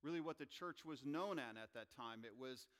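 A man preaching a sermon as a pastor, reading scripture aloud and swinging between loud emphasis and soft asides. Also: medium pitch, normal speed.

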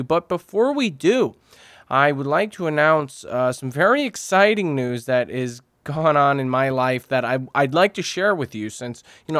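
A man's voice: mid-range voice, fairly bright tone, dry recording. Guy doing a solo comedy podcast, crude and rambly, swears a lot, dry close mic. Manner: crude, rambling, profane storytelling. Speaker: podcast host.

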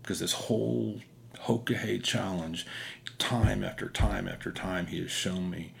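Deep gravelly man telling a testimony. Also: fairly even intonation, a little slow, slight background noise. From Kansas. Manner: earnest, rambling, with many fillers. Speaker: motorcycle rider giving testimony. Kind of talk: personal testimony storytelling.

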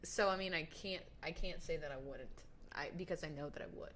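A woman's voice: low-pitched, a little fast, a bit bright, slight background noise. A young woman co-hosting a podcast, blunt and teasing in casual banter. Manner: teasing, blunt, laughs often. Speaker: podcast co-host.

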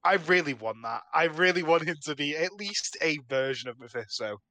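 A man's voice: on the high side, expressive, moderate pace, sharp tone. A young man, co-hosting a casual film chat in an easygoing, agreeable way. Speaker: podcast co-host.

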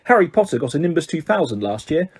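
Male reader as a spoiled, sulky boy, quick and whiny, slightly raised. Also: fairly high pitch, very animated, breathy edge, exaggerated voice. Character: sulky, spoiled rich schoolboy.

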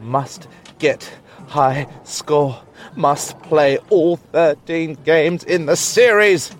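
A man voicing an excitable young male gamer in a comedy arcade ad. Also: extremely slow. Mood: entranced. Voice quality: high, swooping voice.

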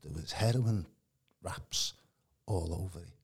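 A man telling his personal testimony in a casual, animated way. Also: deep voice, unhurried, husky. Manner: animated, acts out quoted voices, calls the host mate. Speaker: guest giving testimony. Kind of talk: casual storytelling.

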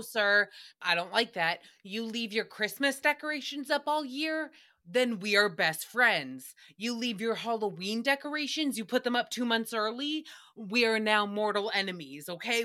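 A woman hosting her own podcast, talking solo in a brash, profane, animated way as she tells stories. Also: on the high side. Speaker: podcast host. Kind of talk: casual solo podcast chat.

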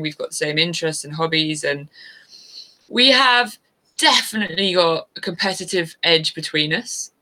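A woman's voice: lowish voice, sharp tone, low-quality recording. A woman in her thirties, a guest chatting casually in an interview, rambling a little and laughing easily. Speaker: guest, adventure motorbike rider.

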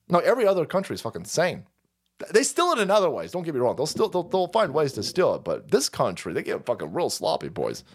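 A loud, profane male livestream host who rants about the news and riffs on his chat. His pitch sits fairly high for a man and leaps wildly from low mutters to yelps, with frequent laughter and whoops. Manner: foul-mouthed, rowdy, laughs and shouts often. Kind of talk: crude political rant with live chat.

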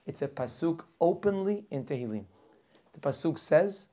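Animated man teaching a Torah class. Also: a little high, normal speed. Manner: animated, rhetorical questions, acts out characters. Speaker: rabbi teaching a weekly class. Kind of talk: lively Torah class lecture.

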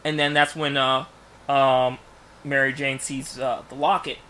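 A man in casual podcast chat, pitching a movie plot in rambling bursts with many restarts. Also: little pitch movement, unhurried. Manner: rambling storyteller, many restarts, bursts of loud acted lines. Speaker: podcast co-host.

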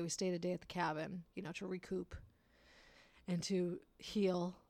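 A woman's voice: on the low side, a little mellow, no room sound. A woman telling a rambling personal story in a casual way, swearing often and laughing at herself.

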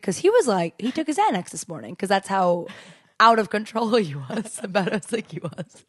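A young woman co-hosting a casual podcast chat, telling stories in an animated way and laughing often. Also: medium pitch, normal speed, no room sound, clean studio sound. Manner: animated storytelling, acts out quotes, laughs often. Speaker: podcast co-host.

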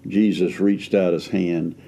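Low, mellow-voiced man preaching conversationally. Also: steady tone, a little slow, a little hiss or hum. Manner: earnest, conversational, frequent restarts. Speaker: pastor and podcast co-host. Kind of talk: faith podcast conversation.

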